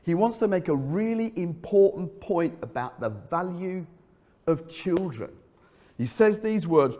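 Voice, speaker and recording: A man preaching a sermon as pastor, telling a story vividly and dropping his voice low for emphasis. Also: big pitch swings, measured pace, warm tone. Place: church hall. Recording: church hall reverb.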